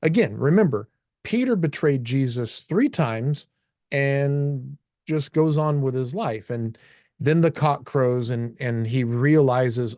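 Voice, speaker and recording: A man's voice: medium pitch, takes it slowly, darkish tone, no room sound, studio quality. A man co-hosting a casual discussion, talking in a loose, rambling way and acting out quoted dialogue as he goes. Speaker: co-host.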